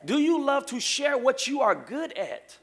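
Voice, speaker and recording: A man preaching a lively sermon in a church, joking with the congregation. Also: very high voice, a little slow, vocal fry. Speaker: pastor.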